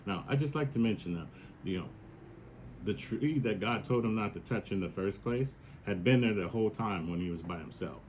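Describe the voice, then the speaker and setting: A man's voice: on the low side, animated, fairly quick, darkish tone, a little hiss or hum. A man hosting a podcast, retelling a story in a casual, profane, slangy monologue. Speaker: podcast host.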